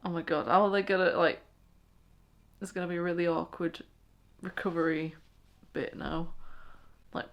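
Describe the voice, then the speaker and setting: Excitable woman reacting out loud. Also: lowish voice, moderate pace, long pauses, soft background music. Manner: exclaiming, gasping and laughing. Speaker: reaction video host. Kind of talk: casual reaction commentary.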